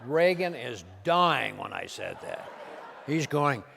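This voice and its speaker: An older man, a comedian and impressionist, telling anecdotes to a live audience in a punchy, animated way. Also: medium pitch, slow, gravelly, noisy background. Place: large event hall. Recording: long hall reverb.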